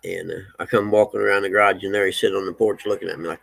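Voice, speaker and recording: A man's voice: fairly low pitch, steady tone, quick pace, gravelly, poor audio. A man casually telling a story in a folksy way, chuckling often and talking fondly to his dog. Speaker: vlogger.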